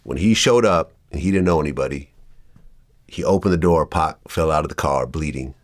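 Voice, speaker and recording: A man with a very deep voice hosts an interview. He tells a story casually and builds it up, leading toward a punchline. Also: brisk. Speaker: interviewer, host.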